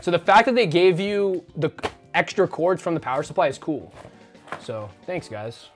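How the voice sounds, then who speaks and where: A man's voice: fairly high pitch, normal speed. A man streaming casually, rambling and joking as he talks to his chat and swears now and then. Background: faint background music.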